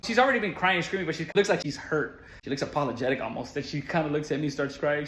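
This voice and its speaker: A man with a slightly higher voice tells a personal story in an earnest, conversational way, with casual fillers. He works as school support staff. The sound is roomy, with echo from the space around him. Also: expressive, quick pace, a bit bright. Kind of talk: storytelling monologue.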